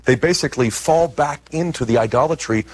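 A man's voice: a little high, a little fast. A man speaking as a guest in an interview, explaining biblical history in an emphatic teaching manner. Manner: animated, emphatic teaching delivery.

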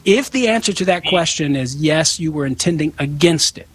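A man's voice: a little high, expressive, normal speed, slight background noise, low-quality recording. Chatty man answering callers. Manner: conversational, acts out quoted dialogue. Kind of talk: casual call-in radio talk.

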